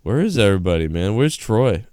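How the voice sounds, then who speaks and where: A man's voice: on the low side, sing-song, fairly quick, warm tone, dry recording, clean studio sound. A young adult man chatting crudely on a live show, tired and drunk, rambling and swearing with lots of laughs. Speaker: podcast co-host. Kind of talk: crude casual banter.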